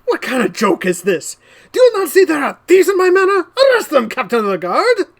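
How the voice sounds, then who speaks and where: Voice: medium pitch, very animated, normal speed, voice pushed up. A game master voicing a scheming male nobleman who plays innocent and haughty in a tabletop game. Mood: indignant. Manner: evasive, haughty, feigning innocence. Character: scheming male nobleman lord, smooth and indignant.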